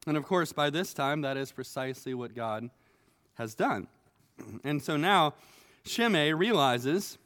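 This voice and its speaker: A male pastor delivering a sermon in a high, clear, resonant voice. His storytelling is earnest and animated, with now and then a stammered restart, and his words ring out in a hall with a long reverb. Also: unhurried.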